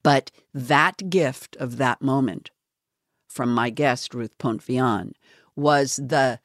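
Slow, earnest woman podcast host. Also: rumbling low, dry recording, studio quality. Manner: earnest, halting, self-revealing. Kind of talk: confessional podcast talk.

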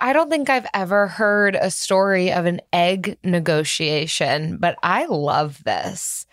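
A woman co-hosting a podcast, talking reflectively and animated in her reactions. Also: fairly low pitch, slow pace, hardly any pauses, dry recording, studio quality. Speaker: podcast co-host. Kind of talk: casual chat about personal finance.

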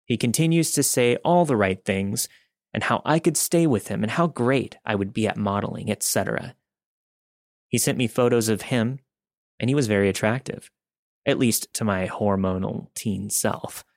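A man reading listener-submitted stories aloud as a podcast host, in a calm, steady first-person storytelling delivery. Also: fairly low pitch, moderate pace, vocal fry, no room sound, studio quality. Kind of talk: scripted first-person narration.

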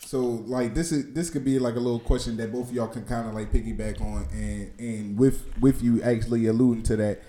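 A man with a mid-range voice asks a slow, halting question, piecing it together as he goes. He sounds a little distant, in a roomy space that echoes. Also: medium pitch, fairly even intonation, mellow. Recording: roomy echo.

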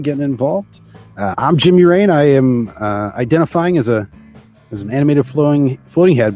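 Man, livestream host, middle pitch, rambling, playful, halting. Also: warm tone. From Canada. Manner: rambling, jokey, halting with many fillers. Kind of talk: casual live-stream chat.

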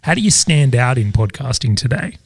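A man's voice: mid-range voice, animated, moderate pace, creaky, a little mellow, breathy edge, no echo, clean studio sound. A man hosting a podcast interview, reflecting on his guest's points and then asking follow-up questions. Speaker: podcast host. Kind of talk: casual interview chat.

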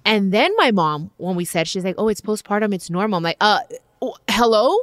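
A woman's voice: medium pitch, animated, a little fast, no echo, clean studio sound. A woman hosting a casual chat, empathetic, mixing English and Spanish. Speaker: host.

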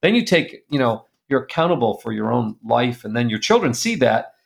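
Gravelly man telling an earnest story. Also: mid-range voice, sing-song, a little fast. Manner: earnest, confessional, drops quiet and soft in painful moments. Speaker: guest speaker. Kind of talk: personal storytelling in a conversation.

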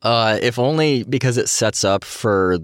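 A man's voice: mid-range voice, unhurried, clean tone, dry recording, clean studio sound. A man in a casual podcast chat, hesitant and stammering as he defends his opinions.

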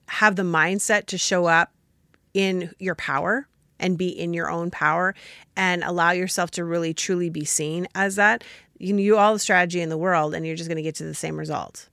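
A woman hosts a podcast with a low, gravelly voice that still sounds bright and forceful. She speaks emphatically, like a coach, and the sound is dry and close with no room around it. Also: fairly even intonation, normal speed, no echo. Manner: emphatic and coaching, often acts out other people's quoted lines. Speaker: podcast host. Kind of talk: casual podcast chat.

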